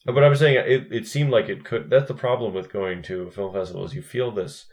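A man's voice: lowish voice, brisk, a little mellow. A young man co-hosting a casual film chat, rambling with restarts and cursing freely. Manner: rambling, profane, with frequent restarts. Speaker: podcast co-host.

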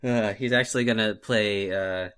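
A man's voice: on the low side, fairly even intonation, moderate pace, a bit bright, smooth. A man co-hosting a casual movie podcast, rambling and self-deprecating with many fillers. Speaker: podcast co-host, film list maker.

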